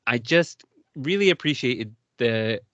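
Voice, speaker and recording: A man's voice: medium pitch, lively intonation, measured pace, a bit bright, dry recording, muffled recording. A British man co-hosting a podcast, talking in an enthusiastic, rambling way and laughing often. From United Kingdom. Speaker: podcast co-host. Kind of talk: casual chat.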